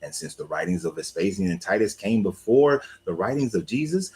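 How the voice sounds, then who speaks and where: A man hosting a casual livestream talk, blunt and animated, swearing and laughing often. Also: sits low, a little fast, low-quality recording. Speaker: host.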